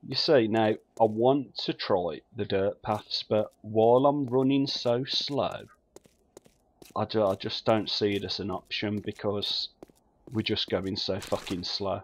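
A man's voice: lowish voice, measured pace, a little hiss or hum. A man giving casual, muttering commentary while he plays a survival game, swearing freely. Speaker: let's play gamer.

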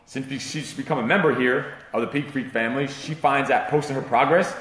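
A man hosts a live fitness talk, rushing his words and swearing freely as he rambles about a client's progress. His voice rings around an echoing room. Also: mid-range voice, a bit bright. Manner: profane, hyped and rambling. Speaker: fitness trainer and show host. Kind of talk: casual livestream talk.

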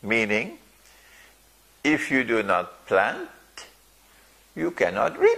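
A man preaching a sermon to an audience, slow and emphatic, with rhetorical questions and dry jokes. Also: medium pitch, wildly swooping pitch, gravelly, bright, forceful tone. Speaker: Islamic preacher.

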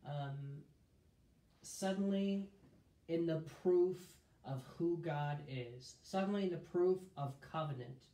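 A man's voice: a little high, slow pace, warm tone. A man leading a casual Bible study, thinking aloud with restarts and reading scripture in a lifted voice. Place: room streamed live. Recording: roomy echo.

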